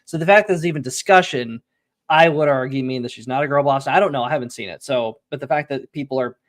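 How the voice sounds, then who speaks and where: A man's voice: mid-range voice, quick pace. A man hosting a casual group podcast chat, rambling with frequent restarts and laughter. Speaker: podcast host.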